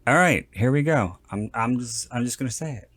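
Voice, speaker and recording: An animated, brisk man with a medium-pitched, slightly bright voice hosts a podcast, with no echo on the recording. His casual talk rambles and jokes, and he frequently cuts himself off to restart sentences.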